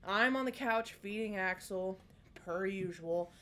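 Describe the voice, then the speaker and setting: A woman co-hosting a casual chat, telling a family story in an animated way and acting out the dialogue. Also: medium pitch, a little slow. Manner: animated, acts out quoted dialogue. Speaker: podcast co-host.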